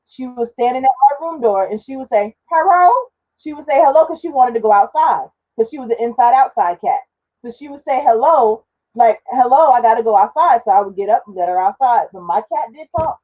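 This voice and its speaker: A woman's voice: fairly high pitch, lively intonation, a little fast, muffled recording. A woman on a podcast panel chatting casually in an earnest, talkative way. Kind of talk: casual chat.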